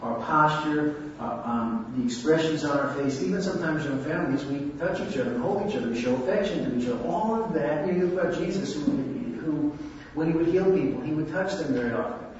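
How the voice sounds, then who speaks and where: A man preaching a conversational sermon to a congregation, often checking in with a quick "right?". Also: fairly high pitch, a little hiss or hum. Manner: conversational, asks the audience "right?". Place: church or hall. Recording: distant echoey hall recording, dull.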